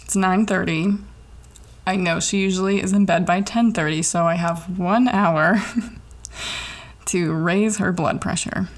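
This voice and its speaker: Speaking slowly in a voice on the low side, a young woman in college tells a personal story on her podcast. She's chatty and animated, curses a lot, and peppers everything with "like."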